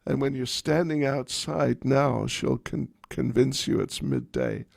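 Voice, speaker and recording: Gravelly, slow-paced male storyteller. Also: medium pitch, no room sound, studio quality. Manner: animated storyteller with wry humor. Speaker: spiritual teacher. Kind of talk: storytelling class.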